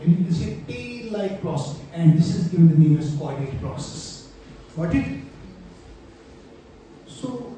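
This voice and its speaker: A man's voice: fairly high pitch, warm tone. A man teaching an exam-prep anatomy lecture, explaining step by step and checking in often with rhetorical questions. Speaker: medical lecturer. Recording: very echoey room, distant mic, faint noise.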